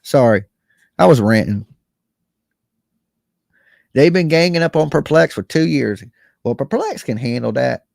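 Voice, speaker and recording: Gravelly-voiced man ranting on a livestream. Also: mid-range voice, sing-song, a little slow, long pauses, darkish tone, no echo, clean studio sound. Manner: rambling, repeats "you know what I'm saying" and "okay". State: just woken up. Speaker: livestream host. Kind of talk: casual livestream rant.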